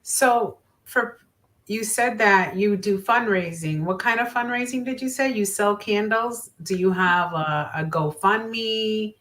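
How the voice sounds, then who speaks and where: A woman host asking gentle, supportive interview questions. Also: mid-range voice, takes it slowly.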